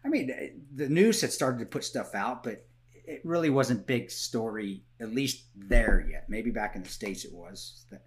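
A man's voice: mid-range voice, lively intonation, moderate pace. A man as a podcast guest, telling stories in casual conversation, blunt and swearing, often restarting and repeating words.

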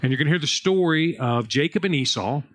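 Animated man preaching. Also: on the high side, fairly quick. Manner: conversational, animated storytelling with raised voice in anecdotes. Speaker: pastor. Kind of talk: sermon.

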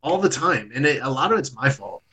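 Podcast host, man, loose rambling delivery with swearing, mid pitch. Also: very animated, fairly quick, bright, forceful tone, rough recording. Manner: rambling storyteller, swears freely. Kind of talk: casual podcast chat.

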